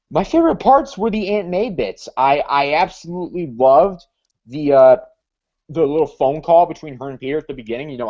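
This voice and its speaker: A man's voice: fairly high pitch, darkish tone, dull audio. A man co-hosting a casual comic book chat, hesitant, with frequent fillers and restarts. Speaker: co-host.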